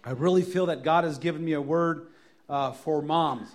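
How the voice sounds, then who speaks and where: Joking, emphatic preacher with a fairly high voice. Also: male voice, moderate pace. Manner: joking storyteller who builds to emphatic repeated lines. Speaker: pastor. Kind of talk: sermon. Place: church sanctuary.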